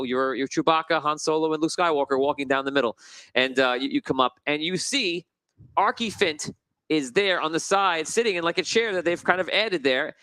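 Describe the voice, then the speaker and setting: Bright-voiced man running a tabletop game. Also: on the high side, clear, resonant tone, no room sound. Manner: rambling, self-correcting, good-humored. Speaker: game master.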